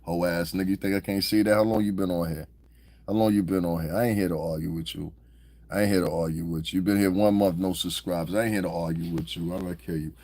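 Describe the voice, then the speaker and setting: Low-voiced man ranting on a livestream. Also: steady tone, fast, a little mellow, no echo. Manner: profane, confrontational, mocking; repetitive, rambling. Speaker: livestream host. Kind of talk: livestream rant answering chat.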